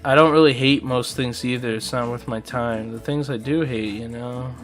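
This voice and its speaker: A man voicing a gloomy, cynical female ghost, speaking in a flat, mumbled, low-energy way. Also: normal speed, soft background music, close to an everyday voice.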